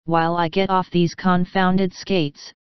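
A woman voicing a brisk, capable teenage boy who gives urgent commands in a storybook reading. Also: lowish voice, level tone, clean tone, no room sound, muffled recording, natural voice.

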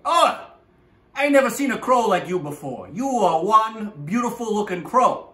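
A man voicing a smooth-talking male fox, brash and mocking, a cocky swindler. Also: high voice, big pitch swings, unhurried, bright, forceful tone, echoey room, pitched above the performer's own voice, exaggerated voice. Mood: flattering.

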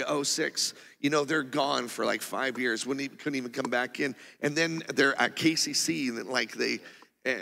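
Gravelly, bright-voiced pastor. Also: male voice, medium pitch. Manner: animated, rambling storytelling with many restarts. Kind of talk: testimony sermon. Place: church auditorium. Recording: long reverb of a church hall.

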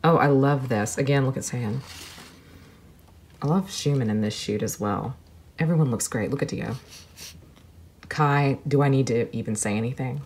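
A woman with a very deep, low-pitched voice narrates an unboxing, softly murmuring and then gushing with delight. A faint hiss sits under the recording. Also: normal speed, pauses often. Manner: gushing, soft-spoken, drifts between murmurs and excited exclamations. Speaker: vlogger.

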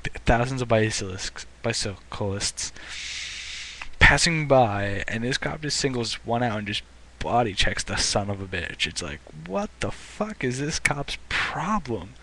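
A young male vlogger rants into the camera in a mid-range voice with a sharp tone and a little hiss or hum in the background. His ranting commentary is profane and indignant, with heavy swearing and frequent restarts of his sentences.

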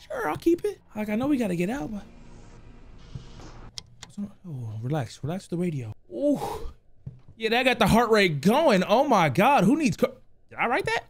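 A man playing a horror game and commenting, excitable, cursing, shouting, then muttering to himself. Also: sits high, moderate pace, long pauses. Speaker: gaming YouTuber.

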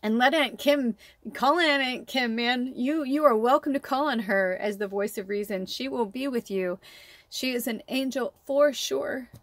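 A woman's voice: fairly high pitch, moderate pace, dry recording. A woman working as a psychic medium gives a casual spiritual card reading to her viewers. She rambles in a heartfelt way, filling her talk with "like" and "you know" and swearing now and then.

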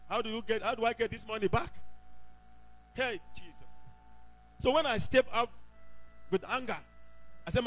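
A man's voice: very high-pitched, moderate pace, pauses often, a bit bright, poor audio. A man with a Nigerian accent gives an emphatic testimony in a church service, telling his story and bursting into praise. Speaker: church member giving testimony.

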